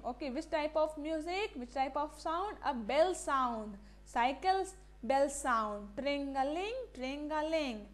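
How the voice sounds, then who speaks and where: A woman teaches a classroom lesson. Her voice sits high, and she keeps asking the class questions, repeating key words and slipping in Hindi phrases. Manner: mixes Hindi phrases into English.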